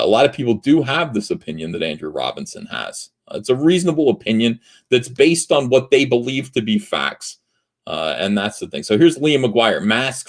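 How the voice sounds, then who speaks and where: Heated, swearing man ranting on a livestream. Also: fairly low pitch. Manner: profane, heated, many filler pauses. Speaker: livestream host. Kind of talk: livestream commentary rant.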